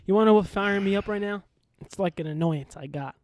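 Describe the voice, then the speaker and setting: A man co-hosting a podcast as its producer, trading quick, profane banter. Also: high voice, darkish tone, dry recording. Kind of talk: casual chat.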